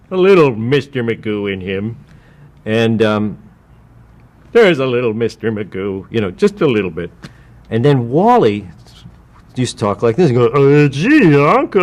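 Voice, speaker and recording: Guy chatting about his voices, laid back, lots of uhs. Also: on the low side. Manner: relaxed storytelling, filler-heavy. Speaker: voice actor. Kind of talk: casual interview.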